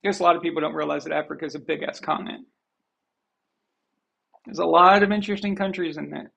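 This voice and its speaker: A man's voice: on the high side, fairly even intonation, fast talker, gravelly, sharp tone. An American man hosting a live show, talking bluntly in a rambling, casual rant that repeats and restarts. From United States. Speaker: host of a sports live show.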